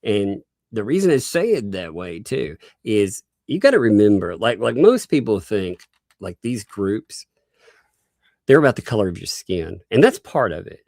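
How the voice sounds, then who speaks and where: A man with a Southern US accent hosting a casual livestream, talking in a slow, self-assured drawl and laughing often. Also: lowish voice, very animated, vocal fry, darkish tone, dry recording, clean studio sound. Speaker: livestream host.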